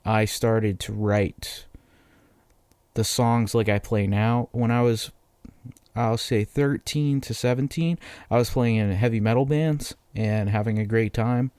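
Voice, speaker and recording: A man's voice: lowish voice, steady tone, a little slow, darkish tone, clean tone, dry recording. Profane rambling young man. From Massachusetts. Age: 20s. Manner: profane, rambling, self-deprecating. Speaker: podcast host. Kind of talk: casual solo podcast rant.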